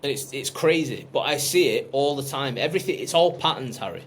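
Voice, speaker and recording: A man's voice: mid-range voice, lively intonation, brisk, slightly rough. A man, coaching a group on a call, blunt and emphatic with frequent swearing. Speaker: business coach.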